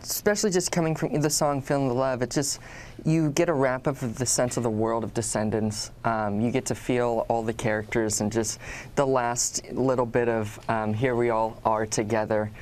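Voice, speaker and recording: A male actor answering interview questions in a relaxed, chatty way, often breaking into laughs. A faint hum of room ambience sits under his voice, and his pitch sits in a middle range. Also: moderate pace. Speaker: actor guest.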